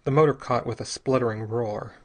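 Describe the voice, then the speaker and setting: A man narrating an audiobook chapter in a steady, even reading voice. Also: mid-range voice, a little fast. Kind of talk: scripted narration.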